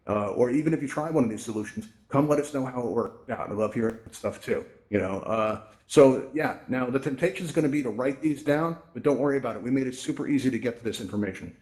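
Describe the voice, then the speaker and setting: A man's voice: mid-range voice, darkish tone. A middle-aged man giving a casual tech presentation at a virtual reality event, chatty and often asking "right?", speaking into a headset microphone. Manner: chatty, acts out quoted voices, says "right?" a lot.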